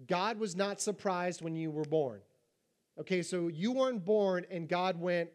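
A man in his thirties preaches to his congregation in a high, light voice. He jokes with the front rows and moves between animated asides and hushed, measured scripture reading. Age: 30s. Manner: animated and playful, reads scripture low and quiet. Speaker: pastor. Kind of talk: sermon. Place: church hall with a congregation.

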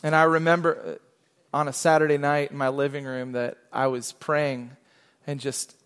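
A middle-aged man pastor preaching a sermon, telling a quiet personal story that builds into loud, fervent exhortation. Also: on the high side, level tone, moderate pace, smooth. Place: church sanctuary. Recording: long hall reverb.

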